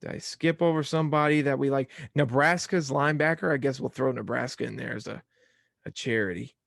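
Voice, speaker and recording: A man's voice: medium pitch, brisk, creaky, a bit bright, no echo, studio quality. A young man hosting a casual sports podcast, talking in an easygoing, rambling way. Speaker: podcast host.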